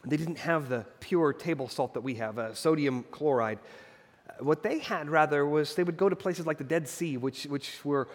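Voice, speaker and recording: A man's voice: fairly high pitch, normal speed. A man preaching a sermon as pastor, earnest and emphatic, repeating phrases for weight and dropping into casual asides with fillers. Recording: long hall reverb.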